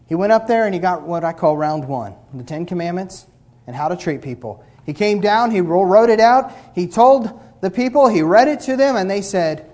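Male pastor, sermon delivery, slightly raised pitch, emphatic with wide swings in loudness, sardonic asides. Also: expressive, normal speed. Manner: emphatic, swings between loud and quiet; mocks complainers with blah-blah asides.

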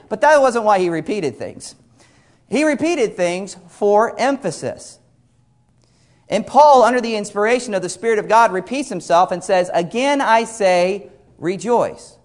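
Man, high voice, middle-aged, earnest preacher, repeats lines for emphasis. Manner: earnest, repeats phrases for emphasis, quotes scripture at length. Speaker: pastor. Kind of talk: sermon.

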